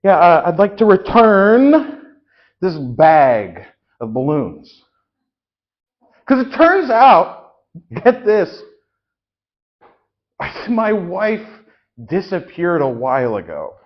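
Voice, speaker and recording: A man improvising an indignant customer who loudly complains and demands a refund in a live comedy show. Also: high-pitched, very animated, drawn-out words, pauses often, muffled recording, exaggerated voice. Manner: loud, indignant, repetitive complaining. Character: indignant man returning rude balloons.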